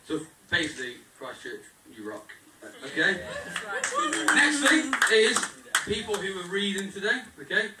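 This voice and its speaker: This young man's voice sits high and sounds expressive as he speaks a little slowly through a funny, grateful wedding speech aimed right at his guests. The audio is very noisy, with the hall's echo, a distant mic, and plenty of laughter and chatter from the crowd.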